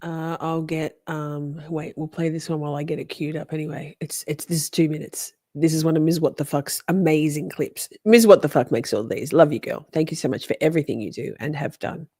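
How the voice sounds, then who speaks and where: Lower-voiced woman host, casual livestream chatter, irreverent and giggly. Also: brisk, few pauses, warm tone, a little hiss or hum. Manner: laughs often, chatty and irreverent. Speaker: livestream host commenting on a trial.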